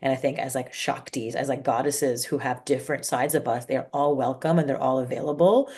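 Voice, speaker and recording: Low, gravelly-voiced woman entrepreneur. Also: fairly quick. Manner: candid, animated, many fillers like "like" and "you know". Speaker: entrepreneur guest. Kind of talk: casual interview conversation.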